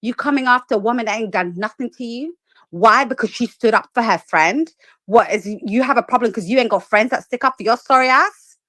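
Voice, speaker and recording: A woman's voice: a little high, brisk, sharp tone, dry recording. A woman on a live stream delivering a heated, profane, confrontational rant.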